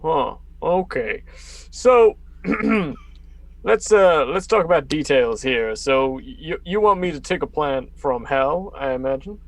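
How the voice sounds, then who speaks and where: A man's voice: on the high side, expressive, slow pace, vocal fry, exaggerated voice. A man voicing a hesitant, plant-loving male adventurer in a tabletop game, speaking with lots of fillers. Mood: wary. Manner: hesitant, many fillers and restarts.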